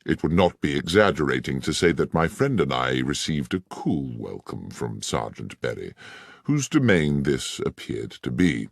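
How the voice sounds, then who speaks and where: A man reads a detective story in a measured, expressive way. His voice is very deep and gravelly, with lively rises and falls. The recording is dry and close. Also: no room sound. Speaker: audiobook narrator. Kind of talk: scripted first-person narration.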